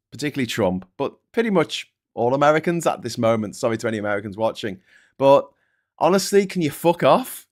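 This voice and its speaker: A British man hosting a political livestream and ranting with open anger. He swears constantly and lurches between loud outbursts and quiet, mumbled asides. His voice sits at an ordinary middle pitch. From Britain. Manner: angry, sweary, swings between shouting and mumbling. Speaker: livestream host.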